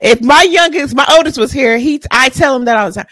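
A woman's voice: sits high, brisk, fairly bright tone, no echo. A woman, co-hosting a podcast, ranting bluntly and with profanity in casual chat. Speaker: podcast co-host.

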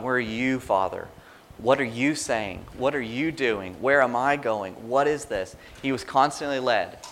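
A man preaching a sermon in a conversational, animated way, acting out quoted prayers and reactions. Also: mid-range voice.

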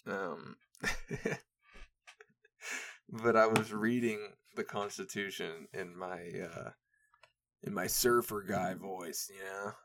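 A man's voice: low-pitched, steady tone, slow pace, long pauses, fairly bright tone, a little hiss or hum. Rambling, profane young man on a podcast. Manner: rambling, profane, laughs often. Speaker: podcast host. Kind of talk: casual solo podcast chat.

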